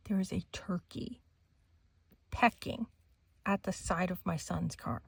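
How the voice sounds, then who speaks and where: A woman's voice: lowish voice, takes it slowly, vocal fry, slightly rough, no room sound. A middle-aged woman hosting a crafting channel, chatting casually and laughing often as she tells a story while she works. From Maine, USA.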